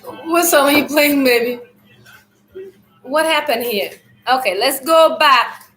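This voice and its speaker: A high-pitched woman talks loudly and loosely on a live stream, rambling through a spiritual message to her viewers. Her throat is irritated and she keeps clearing it. The sound carries a roomy echo. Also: slow pace, slight background noise. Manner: loud, loose and rambling, speaks to viewers as family.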